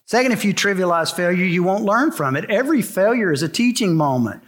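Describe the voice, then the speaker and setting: A middle-aged man with a high, animated voice preaches briskly to his congregation in a church sanctuary. He is a pastor, and his emphatic delivery keeps repeating the key lines.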